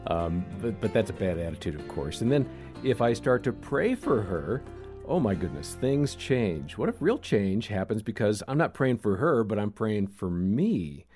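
A man's voice: fairly low pitch, big pitch swings, normal speed, darkish tone, faint music behind. A middle-aged man hosting a Christian talk show, telling stories about his marriage in a self-deprecating, conversational way. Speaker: radio show host.

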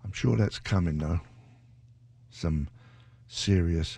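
A man's voice: a little slow, gravelly, breathy edge, dry recording. A man, chatting casually as a radio DJ between songs, rambling and joking. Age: 60s. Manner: rambling, joking, drops into a sudden high shouting bit. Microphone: studio microphone.

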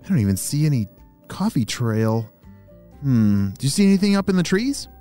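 A man voicing a curious, excitable young boy in a children's story, in a high excited voice. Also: moderate pace, soft background music, close to an everyday voice.

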